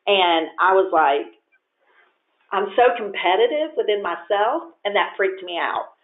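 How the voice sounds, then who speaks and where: A woman answers interview questions about her work in an animated, competitive way, pitching up sharply whenever she acts out her own past words. The sound is narrow and phone-like. It also carries a roomy echo. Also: a little slow. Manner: animated, competitive, voices rise when quoting herself. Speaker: guest, real estate agent. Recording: echoey, phone-like audio.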